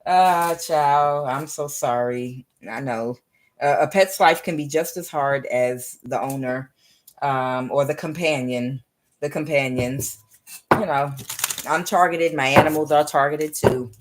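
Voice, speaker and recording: Low-voiced woman giving a rambling tarot reading. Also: measured pace. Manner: meandering and conversational, often drifting into chatty asides. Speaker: tarot reader. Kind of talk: casual spoken tarot reading.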